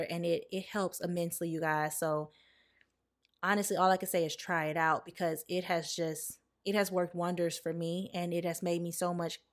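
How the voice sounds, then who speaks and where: A woman in her late twenties hosting a reflective solo podcast, talking candidly and heartfelt, speaking straight to her listeners. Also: fairly low pitch. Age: late 20s. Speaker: podcast host.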